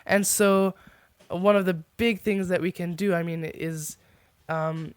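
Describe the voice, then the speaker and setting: A man's voice: sits high, steady tone, slow, smooth, dry recording. A man hosting a podcast, talking casually and often restarting lines as he reads his notes. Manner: stumbling, restarts lines while reading notes. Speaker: podcast host.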